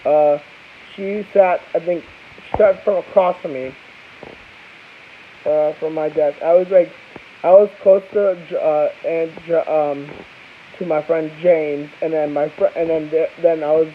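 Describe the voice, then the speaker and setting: A man's voice: a little high, fairly even intonation, a little slow. A young man from Florida telling a rambling, casual story to camera as a vlogger, full of restarts and asides. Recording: tinny phone-like audio with faint hiss.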